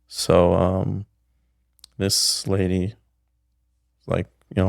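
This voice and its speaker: Podcast guest: a middle-aged man, low gravelly voice, a rambling storyteller. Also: completely flat delivery, takes it slowly, long pauses, dry recording, clean studio sound. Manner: rambling, with many restarts and "like". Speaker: podcast guest, pickle maker. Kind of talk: casual storytelling.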